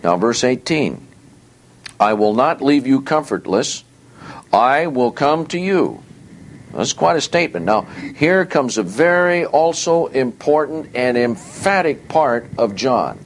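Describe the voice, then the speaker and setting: Slow, deliberate male Bible teacher. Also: mid-range voice, animated, a little hiss or hum. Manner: deliberate, stresses words and repeats them for emphasis.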